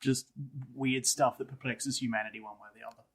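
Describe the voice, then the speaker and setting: A man co-hosting a casual podcast, joking around and reading an old ghost story aloud with lively expression. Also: medium pitch, quick pace, husky. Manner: wry, jokey, reads with lively expression.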